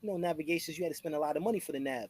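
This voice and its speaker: A man's voice: on the high side, racing, a little mellow, slightly rough, rough recording. A man hosting a live talk show, telling stories casually in street slang and acting out the voices of people he quotes. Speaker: host. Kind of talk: casual storytelling chat.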